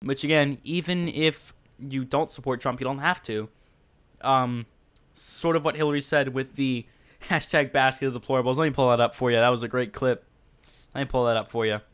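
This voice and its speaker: A man's voice: mid-range voice, fairly even intonation, moderate pace, a bit bright, clean tone. A man hosting a podcast livestream, rambling casually in a blunt, mocking way and talking straight to his chat. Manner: blunt and mocking, with frequent fillers.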